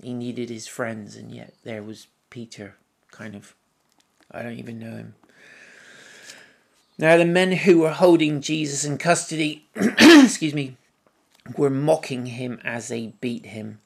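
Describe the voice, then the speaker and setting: A man preaching a sermon, reading scripture aloud and musing on it in a gentle, reflective way with soft asides. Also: medium pitch, measured pace, vocal fry. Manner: reads scripture aloud, then muses on it.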